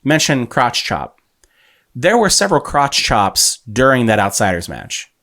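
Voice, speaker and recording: A man co-hosting a podcast, joking around in relaxed, casual chat. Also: mid-range voice, a little slow. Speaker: podcast co-host.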